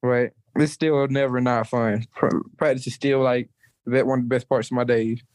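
A man's voice: mid-range voice, fairly even intonation, normal speed, darkish tone, dry recording. Young man, college athlete, laid-back casual chat, lots of "like", dry close recording. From South Georgia, US. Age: young adult. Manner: laid-back, heavy use of "like". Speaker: college wrestler guest.

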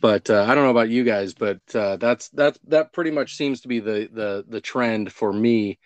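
A man, a podcast co-host, talking in a slow, halting way with many fillers. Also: fairly low pitch, no echo.

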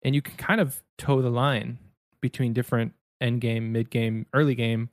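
A man's voice: medium pitch, fairly even intonation, normal speed, dry recording. Easygoing man on a dry close mic. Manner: easygoing, explanatory, teasing. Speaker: podcast co-host. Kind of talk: casual gaming podcast chat.

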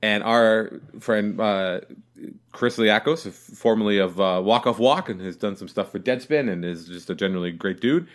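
A man's voice: lowish voice, normal speed. A man with a Southern Ontario Canadian accent, co-hosting a casual podcast and telling rambling stories with frequent laughs. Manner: rambling storyteller, laughs often. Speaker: podcast co-host.

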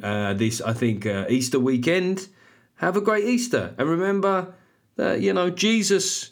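A man, hosting his podcast in a loud, animated, self-mocking comic monologue with plenty of swearing. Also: medium pitch. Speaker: podcast host and stand-up comedian.

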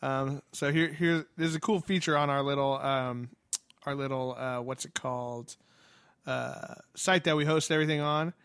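This podcast co-host talks casually from home, laughing frequently and swearing freely into a studio mic while wearing headphones. He has a smooth, medium-pitched man's voice, fairly bright and steady at normal speed, captured as clean studio sound with no room noise.

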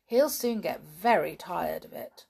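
A woman's voice: on the low side, expressive, unhurried, gravelly, darkish tone, breathy edge, exaggerated voice. A woman voicing a young boy laying out a plan to his friends in a bossy, plotting way. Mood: scheming.

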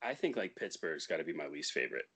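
A young man talks in a casual podcast conversation, his voice sitting very low. He tells band stories in a loose, easygoing way, laughing often and swearing now and then. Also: very animated, fast, a bit bright, husky. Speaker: band member guest.

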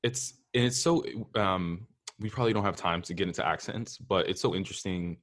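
A man with a very low voice hosts a podcast interview. He talks in a relaxed, thoughtful way, filling his questions with casual fillers. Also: a little fast. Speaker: podcast host.

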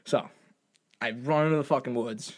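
A young man telling a funny story in casual chat, animated and profane, jumping into high voices when he quotes himself. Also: normal speed. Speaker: storyteller guest.

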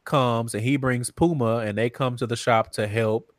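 Man, podcast co-host, casual recap chat, profane, animated, dry close sound. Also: mid-range voice, normal speed, no echo. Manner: profane, animated, mimics people he quotes.

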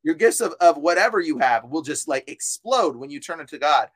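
A man's voice: a little high, expressive, a little fast, fairly bright tone, slightly rough, no room sound. A man talking as an exorcist guest on a podcast, fervent and insistent, repeating himself and mixing in casual slang. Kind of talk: preachy podcast talk.

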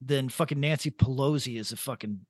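A man's voice: mid-range voice, a little fast, breathy edge, no room sound, clean studio sound. A man co-hosting a podcast in casual chat, riffing loosely with blunt opinions and frequent swearing. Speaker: podcast co-host.

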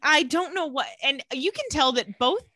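A woman with a bright, forceful voice retells a TV episode in casual chat. She is animated and slips into the characters' lines as she goes. The recording is dry and close, with no room sound. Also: high-pitched, normal speed, no room sound.

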